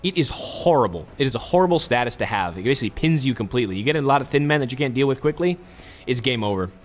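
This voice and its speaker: A man's voice: medium pitch, lively intonation, fast talker. A man hosting a let's play, giving casual, chatty commentary with joking asides to his viewers.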